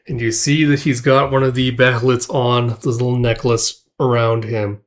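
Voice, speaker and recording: A man's voice: medium pitch, level tone, normal speed, few pauses. A man casually retelling a comic story in a laid-back way, chuckling and using lots of fillers. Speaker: comic recap host.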